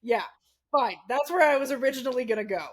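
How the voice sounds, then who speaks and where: A woman's voice: sits high, fast. A woman co-hosting a casual podcast, rambling through tangents with a giggly manner. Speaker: podcast co-host and editor. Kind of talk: casual chat.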